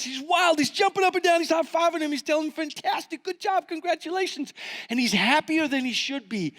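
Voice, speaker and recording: A high-voiced man preaches to a conference crowd, telling a story with lots of energy and acting out the voices of its characters. His voice rings out with a long reverb from the church hall. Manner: animated, acting out quoted voices. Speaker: pastor. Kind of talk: sermon storytelling.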